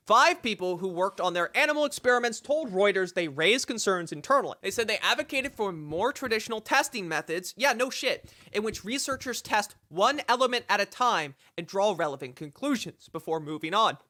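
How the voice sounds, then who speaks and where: A streamer reading news reports aloud during a live commentary, breaking off into sarcastic, profane rants. The voice is bright and sharp at a middle pitch. The sound is dry and close, with no room around it. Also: animated, normal speed, no echo. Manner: reads passages aloud and reacts.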